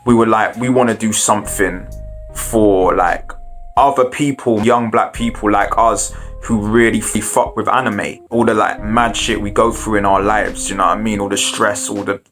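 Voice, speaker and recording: A man's voice: on the low side, fairly even intonation, normal speed, a bit bright, soft background music. Laid-back slangy man. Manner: slangy and laid-back, with lots of "you know what I mean". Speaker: anime platform co-founder. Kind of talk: casual chat.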